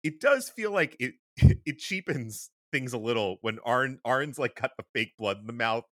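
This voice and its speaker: Podcast co-host, thirties man, animated and laughing, bouncy pitch. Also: normal speed, no room sound, clean studio sound. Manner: animated, laughing, restarts often. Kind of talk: casual chat.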